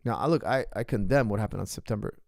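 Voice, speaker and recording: A man who coaches martial arts hosts a question session, talking emphatically and repeating his points as he builds to forceful outbursts. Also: lowish voice, quick pace, vocal fry, dry recording, studio quality. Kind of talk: impassioned monologue commentary.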